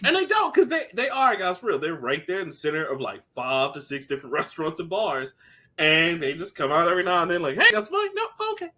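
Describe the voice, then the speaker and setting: Lively, high-voiced man. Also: fast. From Alabama, USA. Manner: animated, laughing, jokes with impressions. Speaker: podcast co-host. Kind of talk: casual comedic chat.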